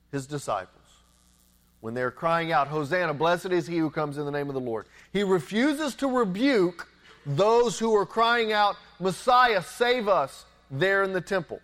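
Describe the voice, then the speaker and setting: High-voiced man preaching earnestly. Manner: earnest preaching with repeated words and rhetorical questions. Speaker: pastor. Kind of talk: sermon.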